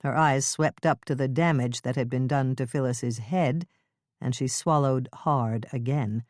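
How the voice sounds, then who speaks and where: A woman narrating a mystery audiobook in an expressive, suspenseful style. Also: a bass voice, a little slow, no echo, studio quality. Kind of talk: scripted narration.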